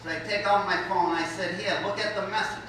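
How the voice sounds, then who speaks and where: A man doing stand-up comedy, telling a story with wry deadpan delivery and chuckling at his own lines. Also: sits high, fast. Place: live comedy show at a college venue. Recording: echoey hall, mic from far off, noisy.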